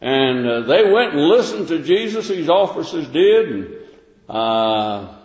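A man's voice: on the high side, big pitch swings, slow. A man preaching a sermon in plain, repetitive speech, reading King James verses aloud. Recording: echoey hall, dull lo-fi sound.

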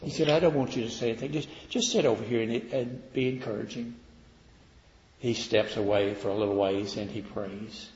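A man preaching a sermon, swinging from loud declaiming to quiet, slow emphasis. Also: medium pitch, fairly even intonation. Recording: echoey hall, dull lo-fi sound.

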